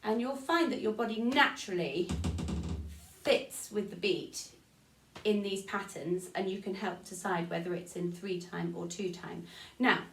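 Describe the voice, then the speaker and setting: A woman's voice: mid-range voice, measured pace, distant mic, a little hiss or hum. A woman with an English accent teaching an online music lesson to children, counting beats aloud and singing short rhymes. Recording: echoey room, voice off-mic.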